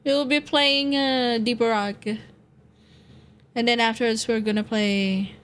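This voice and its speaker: A woman live-streaming as a VTuber, her voice sitting a little high and her delivery unhurried and drawn out. She giggles often, swears freely and repeats her phrases as she chats to viewers and friends. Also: fairly even intonation, a bit bright, slight background noise. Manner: talks to chat and friends while setting up a game. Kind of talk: casual live-stream chat.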